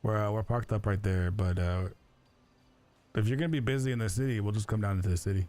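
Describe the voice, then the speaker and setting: A man chatting in character during an online roleplay stream, rambling and halting with lots of fillers. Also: lowish voice, a little mellow.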